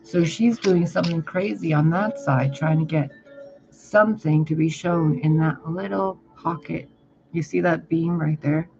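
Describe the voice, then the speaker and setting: A man's voice: fairly high pitch, steady tone, a little slow, gravelly. A man giving a casual tarot reading, blunt, profane and exasperated. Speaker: tarot reader. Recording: muffled, with music behind. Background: music.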